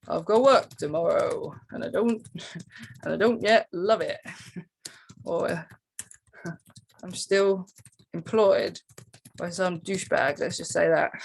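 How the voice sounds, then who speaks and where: A woman coaching listeners through a journaling exercise in a casual, animated way, full of fillers and sudden rises in pitch. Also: creaky. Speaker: spiritual coach. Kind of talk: casual teaching walkthrough.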